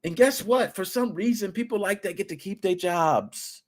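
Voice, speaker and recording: A man in his thirties holds forth on his podcast, his voice sitting a little higher than most men's. He talks in loose, slangy bursts and jumps into little acted-out voices whenever he quotes someone. It sounds like an unscripted solo chat with listeners. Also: normal speed. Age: 30s. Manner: animated storytelling, slangy, acts out quotes. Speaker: podcast host. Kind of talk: casual solo podcast talk.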